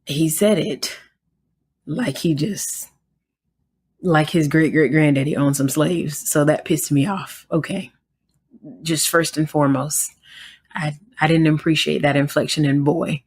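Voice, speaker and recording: A young woman with a Southern American accent, speaking low with a gravelly, husky edge. She talks casually, with plenty of fillers, as she tells an indignant story on her podcast. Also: fairly even intonation, measured pace, pauses often, a little mellow. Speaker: podcast host.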